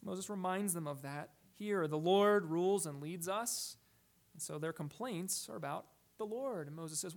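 Male preacher, high voice, measured and deliberate, rhetorical questions, stretched-out words for emphasis. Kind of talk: expository sermon.

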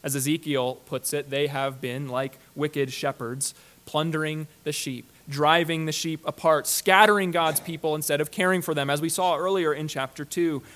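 A man delivering a sermon as a preacher, measured and emphatic, slowing down and dropping softly on key words. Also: fairly high pitch, fairly even intonation.

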